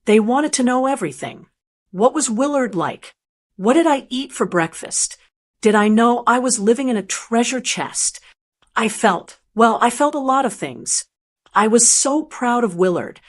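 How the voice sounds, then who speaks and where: A woman narrating a scripted first-person story in a gentle, earnest storytelling manner. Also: on the high side, expressive, unhurried.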